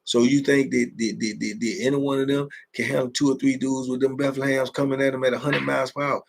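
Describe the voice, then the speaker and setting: Gravelly middle-aged man, animated streetwise talk. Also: mid-range voice, fast talker. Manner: animated storytelling, repeats phrases, laughs, street slang. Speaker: host. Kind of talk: late-night live chat.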